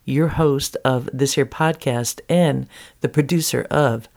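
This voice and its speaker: A woman hosting and introducing her podcast in a chatty, relaxed way, thinking aloud as she goes. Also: a bass voice, slow, creaky. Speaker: podcast host and producer.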